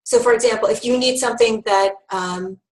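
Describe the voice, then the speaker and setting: A woman leads a training presentation for new health educators. Her voice sits fairly high, and she keeps an upbeat, instructive tone broken by frequent ums. The room around her is echoey. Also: fairly quick, darkish tone.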